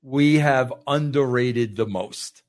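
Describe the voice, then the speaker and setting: A man's voice: medium pitch, takes it slowly. A man co-hosting a podcast, bantering in a chummy, jokey way. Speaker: podcast co-host. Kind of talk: casual chat.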